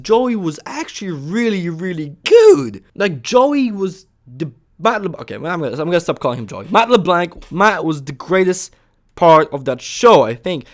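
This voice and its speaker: A young man giving a casual opinion rant as a vlogger, moving between calm, mumbled stretches and sudden loud, high bursts of yelling, and swearing freely. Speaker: vlogger reviewing a TV show.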